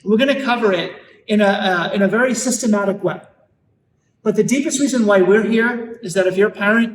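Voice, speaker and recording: A man with a fairly high voice gives an earnest live talk to a room of parents, leaning hard on his key points and drawing them out slowly. He sounds a little distant from the mic, and his voice rings in a big echoey hall with a faint murmur of room noise underneath. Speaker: Catholic speaker on parenting.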